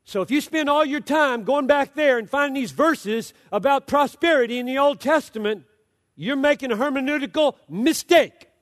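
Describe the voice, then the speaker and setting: Male preacher, high voice, fervent sermon delivery that drops to quiet asides, long reverb. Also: moderate pace. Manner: impassioned, swings from loud exhortation to low hushed storytelling.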